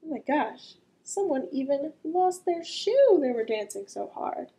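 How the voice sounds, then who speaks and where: A woman reading a picture book aloud to children as a librarian, gently asking the listener questions and drawing out the sound words. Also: high-pitched, big pitch swings, a little slow, few pauses, poor audio.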